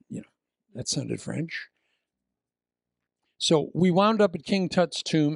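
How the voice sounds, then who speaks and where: Gravelly-voiced preacher man, dry sound. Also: on the high side, dry recording. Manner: animated storytelling, shouted punchlines, then soft prayer. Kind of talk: sermon with humorous story.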